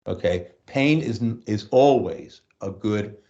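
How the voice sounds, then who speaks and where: A man who teaches voice, talking through lessons and telling anecdotes in a relaxed interview. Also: on the low side, takes it slowly, dull audio. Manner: storytelling, acts out quotes, restarts often.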